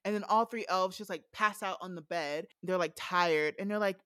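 A woman's voice: lowish voice, normal speed, a bit bright, clear, resonant tone, no echo, clean studio sound. A young woman recapping a book in a casual podcast chat, frank and amused, with many fillers. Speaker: podcast co-host recapping a novella. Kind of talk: casual chat, reading quotes aloud.

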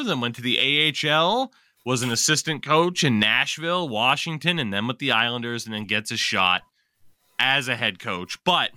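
Bright-voiced man in casual sports chat. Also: medium pitch, no room sound, studio quality. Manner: profane, joking, laughs often. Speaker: podcast host.

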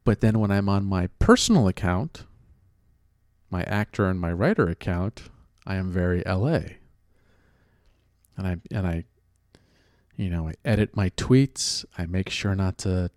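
A man's voice: low-pitched, expressive, measured pace, long pauses, a little mellow, dry recording, clean studio sound. A man from California who works as an actor and writer talks in a casual chat. He is sarcastic and profane, and he rambles with many restarts.

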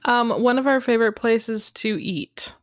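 A woman from western Canada co-hosting a podcast in casual chat, playful and quick with jokey asides. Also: a little high, steady tone, dry recording, clean studio sound. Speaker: podcast co-host.

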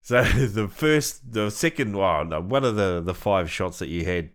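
A New man with a lowish voice chats on a studio podcast. He rambles through plenty of fillers and restarts, laughs easily and swears offhandedly. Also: lively intonation, unhurried, clean tone. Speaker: podcast co-host. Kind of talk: casual chat.

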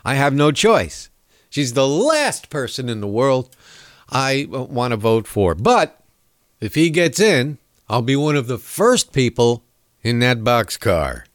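A man's voice: mid-range voice, very animated, slow pace, dry recording. A man talks through his political opinions on his own show, wandering from point to point with sarcastic asides. His voice rises and falls a lot as he goes. The recording is dry, with no room sound. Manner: rambling, sarcastic, with chuckles. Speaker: podcast host.

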